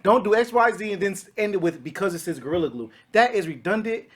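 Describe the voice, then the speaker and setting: A man with a somewhat high voice, guesting on a relaxed podcast. He talks emphatically and repeats words as he drives his point home. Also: fast. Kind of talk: casual podcast chat.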